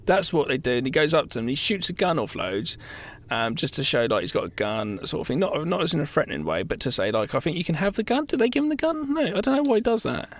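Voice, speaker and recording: A man co-hosting a casual film podcast, retelling scenes in an excitable, animated way. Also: fast talker. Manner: excitable, animated storytelling with sudden jumps in pitch. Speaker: podcast co-host.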